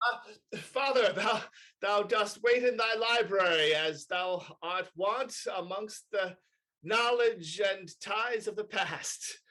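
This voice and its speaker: A man improvising as a young lord mayor who flatters and stammers in mock-Shakespearean speech. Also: high-pitched, slow, heavily acted. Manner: stammering, with many uh's and restarts. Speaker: improv stage actor.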